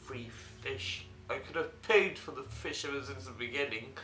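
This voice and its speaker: A man's voice: mid-range voice, moderate pace, pushed and bright, echoey room. A young man giving game commentary as a host, joking around, swearing and laughing often. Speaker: let's play host.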